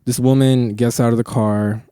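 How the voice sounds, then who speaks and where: A man's voice: mid-range voice, fairly even intonation, normal speed, warm tone, clear, resonant tone, no echo, studio quality. A young man hosting a podcast, telling long rambling stories in casual chat, full of swearing and filler words. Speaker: podcast host.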